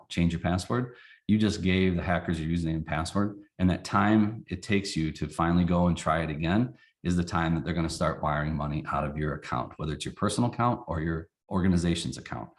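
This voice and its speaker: A man who runs a company, presenting a casual training webinar in a folksy, animated way and acting out examples. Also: low voice.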